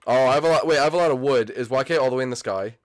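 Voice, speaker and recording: A young man hosting a gaming channel, excitedly commentating his own gameplay and calling out to other players and viewers. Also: medium pitch, very fast.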